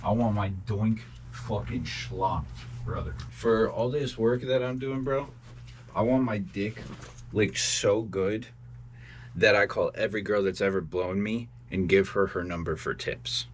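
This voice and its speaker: A man's voice: fairly low pitch, a little slow, a little hiss or hum. A sleep-deprived young man, a vlogger, rambling crudely and with frustration in a video diary.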